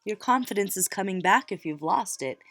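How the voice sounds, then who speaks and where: Over soft background music with no echo, a middle-aged tarot reader talks fairly quickly in a medium-pitched voice with lively intonation. Casual and direct, she gives her viewers a warm, encouraging pep talk.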